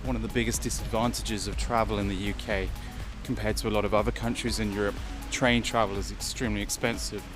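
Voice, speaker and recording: A man's voice: fairly low pitch, flat delivery, quick pace, hardly any pauses, music in the background. A man from England talking in a rambling, opinionated monologue while walking along a beach for his vlog. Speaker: vlog host. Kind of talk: casual walk-and-talk vlog. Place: outdoors on a beach.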